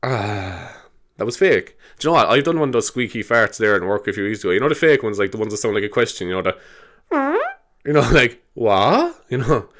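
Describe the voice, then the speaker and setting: A man's voice: on the low side, lively intonation, a bit bright. An Irish man in his twenties hosting a casual solo podcast, rambling from one thought to the next, swearing freely and laughing often. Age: 20s. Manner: rambling, sweary, quick to laugh, with many fillers. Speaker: podcast host.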